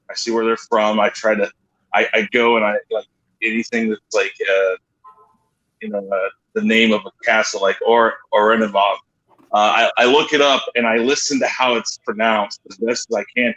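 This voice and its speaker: A man's voice: medium pitch, pushed and bright, dull audio. A man guesting on a casual livestream chat, explaining his voice work in long, rambling sentences. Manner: rambling, explanatory, many restarts. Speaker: guest voice actor.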